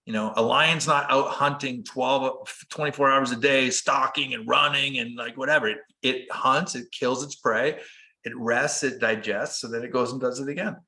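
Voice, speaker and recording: A man telling personal stories as a guest in a casual conversation, earnest and animated. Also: mid-range voice, normal speed. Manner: earnest, animated, acts out quoted dialogue. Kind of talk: conversational storytelling.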